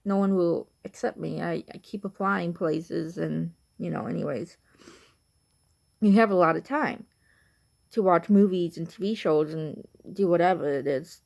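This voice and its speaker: Low-ish and a little slow, this young Chicago woman's voice carries vocal fry and a slightly mellow quality. Freshly awake and tired, the vlogger from Chicago, Illinois chats casually to camera, rambling with plenty of "like" and "you know."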